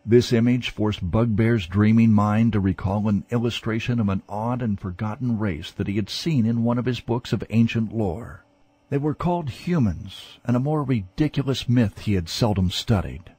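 Husky low-voiced male storyteller. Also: dark tone, dry recording. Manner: dramatic, measured storytelling. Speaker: narrator. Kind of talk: scripted audiobook narration.

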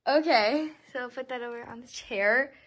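A young woman unboxing a doll for her vlog, gushing and squealing with excitement and repeating exclamations. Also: a little high, normal speed. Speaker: doll collector vlogger.

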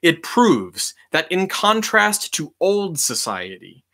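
A man reading a history book aloud in a measured, deliberate way, leaning on key words for emphasis. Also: high voice, very animated, pushed and bright.

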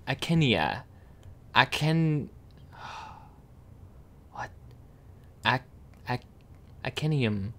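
Male streamer, slow gravelly delivery with a lively, bouncing pitch; sounds out tricky words, stumbles and self-corrects, dry asides. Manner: dry amused asides to himself. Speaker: streamer reading a dictionary aloud. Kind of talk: casual reading of dictionary words.

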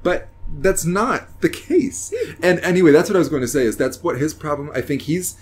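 A man's voice: a little high, normal speed, darkish tone. A man hosting a casual podcast, joking and thinking aloud with hesitant restarts. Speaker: podcast host.

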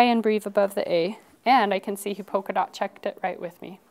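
A young woman teaching a phonics lesson to first graders in a classroom, upbeat and encouraging, slowly drawing out words as she models them. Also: mid-range voice, slight background noise. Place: elementary classroom.

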